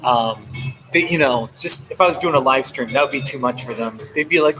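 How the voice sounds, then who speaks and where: A man's voice: medium pitch, a little fast. An American man chatting casually on a live stream from a busy coffee shop, rambling and chuckling between remarks. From United States. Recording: noisy coffee shop background. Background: café chatter and noise.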